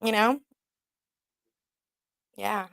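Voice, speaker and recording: A woman's voice: mid-range voice, steady tone, drawn-out words, gravelly, fairly bright tone, dry recording. A woman hosting a radio talk show, chatting candidly with lots of swearing and laughter. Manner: candid, swearing, laughs often, quotes herself in skits. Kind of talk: casual chat.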